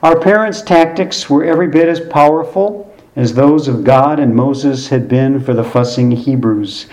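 A man's voice: medium pitch, moderate pace, a little mellow, rough recording. A man in his sixties, a pastor, giving a sermon through a wry, conversational personal story.

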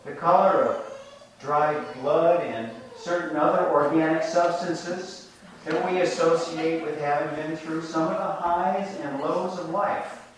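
This fairly high-pitched male voice tells a folk tale as part of a reflective sermon, drawing lessons from it at a measured pace. A distant mic in an echoey room picks him up, along with a little hiss or hum.

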